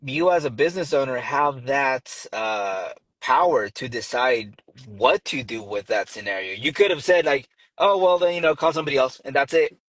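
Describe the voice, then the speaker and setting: Man, casual chat, agreeable, halting with fillers, mid pitch, dry close sound. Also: fairly bright tone, no echo, rough recording. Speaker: guest on a business livestream.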